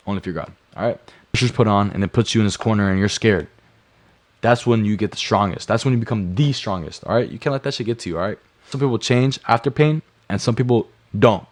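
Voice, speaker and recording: Blunt, low-voiced motivational streamer man. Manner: blunt and profane, hammering points with repetition. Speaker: livestreamer. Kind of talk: motivational livestream talk.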